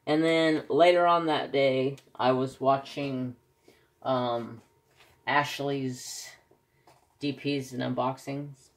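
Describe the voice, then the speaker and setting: A man's voice: mid-range voice, fairly even intonation, slow pace. A man chatting casually in his craft vlog, telling anecdotes animatedly. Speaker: craft vlogger. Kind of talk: casual chat while crafting.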